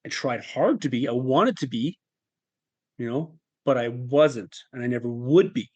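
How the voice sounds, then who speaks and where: A man speaking as a guest on a podcast, telling a personal story in a reflective, halting way. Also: medium pitch, lively intonation, darkish tone, breathy edge, lo-fi sound. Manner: reflective and halting, with fillers and restarts.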